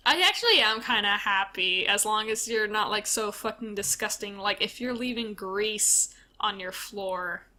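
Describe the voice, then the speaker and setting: A woman's voice: mid-range voice, moderate pace, hardly any pauses, bright, forceful tone. A young adult woman co-hosting a podcast, chatting casually, swearing often and laughing a lot. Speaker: podcast co-host. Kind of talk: casual chat.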